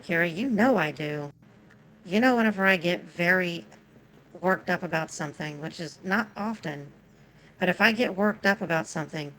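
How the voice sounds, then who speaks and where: A woman's voice: lowish voice, vocal fry, a bit bright, poor audio. A woman whose first language is Japanese, giving chatty, swearing commentary on a game and talking to her chat. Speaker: streamer.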